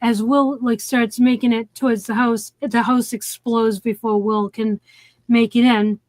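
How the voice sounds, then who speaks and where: Woman kinda high voice just walking thru the movie plot, lots of um and like, super dry close mic. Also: fairly even intonation, measured pace, darkish tone, no room sound. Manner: rambling, lots of "like" and "um", restarts. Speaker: co-host of a movie review stream. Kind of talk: casual chat retelling a film plot.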